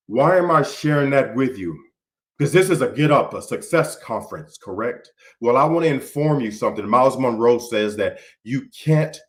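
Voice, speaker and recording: A man from Houston, Texas, delivers a motivational keynote with a fairly low voice. He stacks repeated phrases into rising build-ups, drops almost to a murmur, then pushes hard for emphasis. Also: lively intonation, moderate pace. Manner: preacher-like build-ups, repeating phrases and swinging from soft to forceful. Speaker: motivational speaker.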